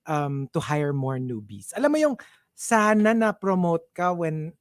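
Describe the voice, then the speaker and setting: A man with a Filipino accent hosting casual morning radio banter, animated and laughing as he mixes English and Filipino. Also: fairly high pitch, measured pace, dry recording, studio quality. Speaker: radio host. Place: radio studio. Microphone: studio mic.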